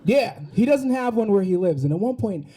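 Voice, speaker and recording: A young man doing a stand-up set on a club stage, telling animated stories and slipping into other people's voices. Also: high-pitched, moderate pace. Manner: animated storytelling with put-on voices. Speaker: stand-up comedian.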